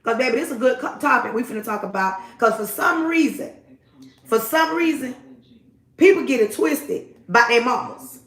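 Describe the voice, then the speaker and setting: A woman hosts a casual morning livestream, talking emphatically and repeating her greetings. Her voice has a gravelly edge. She sounds like she is in an echoey room, speaking into a phone. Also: a little high, animated, normal speed, a bit bright. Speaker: livestream host.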